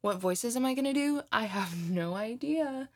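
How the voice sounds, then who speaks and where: A twenty-year-old woman chatting casually to her listeners, telling a story in an animated way and swearing freely. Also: a little high, moderate pace. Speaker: audio creator chatting with listeners. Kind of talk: casual rambling chat.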